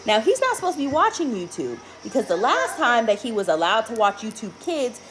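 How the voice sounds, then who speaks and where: Woman, a parent recounting a story, animated and exasperated. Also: a little high, fairly quick, a little hiss or hum, poor audio. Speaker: mother. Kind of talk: storytime video.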